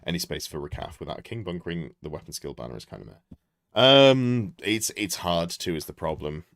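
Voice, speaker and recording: A low-voiced man talks through a tabletop army list live, his pitch jumping around as he thinks aloud. He corrects himself mid-sentence and greets viewers in passing. The sound is dry and close, with no room around it. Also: animated, brisk, a bit bright, dry recording. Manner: thinking aloud, self-correcting, chatty asides to chat. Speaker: streamer reviewing army lists. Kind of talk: casual live-stream commentary.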